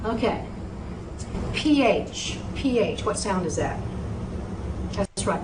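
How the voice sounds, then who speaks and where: A woman's voice: mid-range voice, measured pace. A woman teaching medical terminology in a recorded lecture, patiently spelling out words letter by letter and repeating each pronunciation. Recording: echoey room, mic far off, steady noise.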